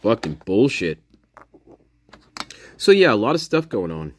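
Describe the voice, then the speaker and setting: A man's voice: lowish voice, sing-song, a little slow, a little hiss or hum. A man giving angry, profane commentary on a case, mocking others with sarcasm and repeating himself for emphasis. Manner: sarcastic, mocks others in put-on voices. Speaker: true-crime commentator.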